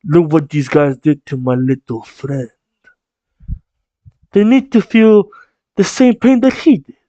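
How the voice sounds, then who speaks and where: A man's voice: a little high, big pitch swings, slow pace, dark tone, no echo, dull audio. A man doing a mock mafioso prince. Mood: menacing. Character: vengeful young prince, mafia-boss tone.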